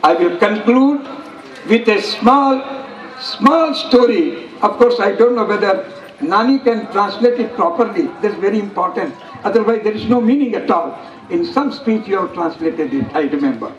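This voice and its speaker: A man's voice: high-pitched, lively intonation, normal speed, dull audio. A man with an Indian English accent giving an earnest, emphatic public speech at a school function, repeating phrases for effect. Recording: echoey hall, voice from far off.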